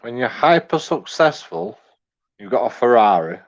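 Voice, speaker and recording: A man's voice: medium pitch, big pitch swings, normal speed, creaky, muffled recording. Rambling, crude man in his forties. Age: 40s. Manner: rambling, crude, profanity-heavy. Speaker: commentator. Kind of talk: casual reaction rant.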